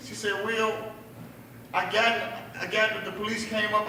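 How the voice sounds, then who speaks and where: A man's voice: sits high, level tone, normal speed, bright, forceful tone, slight background noise. A man telling a stand-up story at a bar open mic, acting out his family members' voices, with audience laughter behind him. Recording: echoey bar room, mic heard from a distance.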